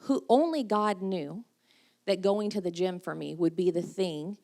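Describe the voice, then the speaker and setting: Middle-aged woman preaching casually, self-deprecating, laughs a lot, lowish voice. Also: a little slow, darkish tone. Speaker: speaker at a women's church breakfast. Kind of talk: casual sermon.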